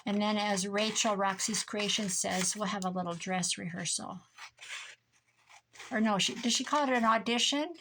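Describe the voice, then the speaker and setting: A woman's voice: medium pitch, moderate pace, sharp tone, a little hiss or hum. A tired woman chatting casually to herself and her viewers while crafting at home, muttering and joking at her own expense. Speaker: crafting vlogger.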